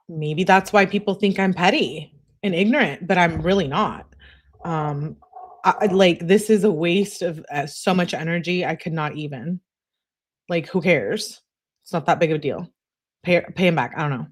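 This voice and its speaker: A woman's voice: lowish voice, moderate pace. A woman giving casual, sarcastic reaction commentary while reading text messages aloud, with blunt, slangy asides. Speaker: true-crime commentator.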